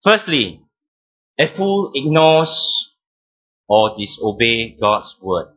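A man preaching a sermon as pastor, teaching deliberately, stressing key words and repeating phrases. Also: medium pitch, very animated, fairly bright tone, husky, highs cut off.

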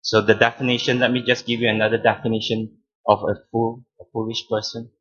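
A man preaching a sermon as pastor, teaching deliberately, stressing key words and repeating phrases. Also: mid-range voice, flat delivery, a bit bright, lo-fi sound.

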